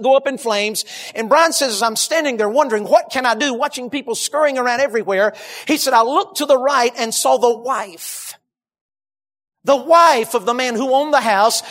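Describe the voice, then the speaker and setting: Preacher man telling a dramatic story. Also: very high voice. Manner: dramatic storytelling, dropping to hushed tones; addresses congregation directly. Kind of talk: sermon.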